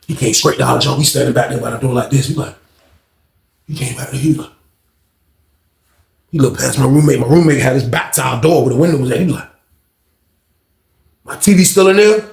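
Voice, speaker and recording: A man telling a casual, rambling story in slang, acting out shouts along the way. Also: medium pitch, steady tone, fast, vocal fry, pauses often, echoey room.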